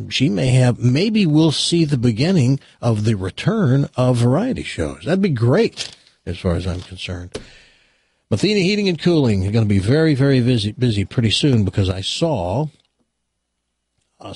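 A man's voice: lowish voice, darkish tone, husky, dry recording. A male radio host chatting casually, a rambling storyteller in the studio.

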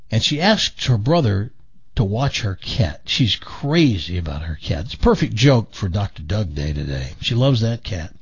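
A man's voice: fairly low pitch, slightly rough, dull audio. A man hosting a talk radio show, chatting folksily with plenty of fillers and telling a joke.

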